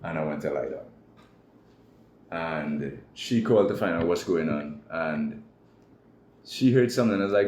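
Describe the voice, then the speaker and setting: A man's voice: rumbling low, animated, measured pace, long pauses, darkish tone. A man with a Trinidadian accent, a guest telling his personal story candidly in an interview. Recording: echoey room with faint noise.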